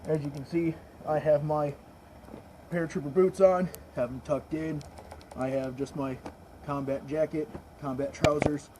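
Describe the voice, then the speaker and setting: A man's voice: a little high, fairly even intonation, unhurried, mellow, a little hiss or hum, low-quality recording. A man filming a casual show-and-tell vlog outdoors in the snow, feeling cold and talking in a rambling, informal way. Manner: rambling, informal, restarts often. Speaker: WWII reenactor vlogger. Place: outdoors in snowy weather.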